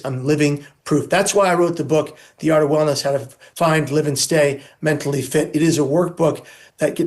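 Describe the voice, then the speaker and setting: Emphatic man with a higher voice. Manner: emphatic, speaks in insistent lists and repetitions. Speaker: guest, suicide prevention speaker. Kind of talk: earnest interview storytelling.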